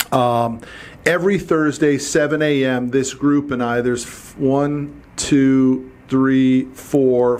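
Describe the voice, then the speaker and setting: A middle-aged man hosting a solo podcast, talking bluntly and with animation, swearing casually. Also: medium pitch. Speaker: podcast host.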